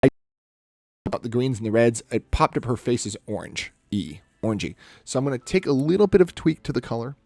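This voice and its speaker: A man's voice: medium pitch, lively intonation, a little fast, gravelly, darkish tone, no room sound. A man chatting casually on a live stream as he edits photos and talks himself through each step.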